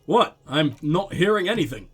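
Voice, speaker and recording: Impatient detective, blunt and probing, read by a man; animated delivery. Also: fairly high pitch, moderate pace, breathy edge, pitched below the performer's own voice. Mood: pressing, impatient.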